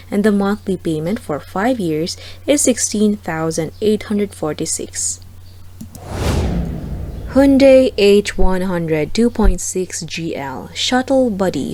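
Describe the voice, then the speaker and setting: A woman's voice: on the low side, mellow, poor audio. A woman with a Filipino accent hosting a car price channel, reading out a price list item by item. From Philippines. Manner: slow, deliberate item-by-item listing.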